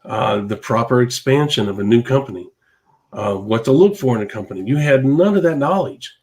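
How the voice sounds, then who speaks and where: A man at a middle pitch delivers a motivational podcast monologue. He talks in an emphatic, preachy way and hammers his points home through repetition. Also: lively intonation, fairly quick, darkish tone. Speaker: podcast host.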